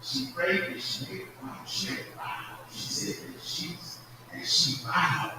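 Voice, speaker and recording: A man preaching a sermon in a church, calling out to the congregation and swinging from soft murmurs to loud shouts. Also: high voice, unhurried, noisy background. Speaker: pastor. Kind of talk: call-and-response sermon. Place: church sanctuary. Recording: echoey distant church livestream recording.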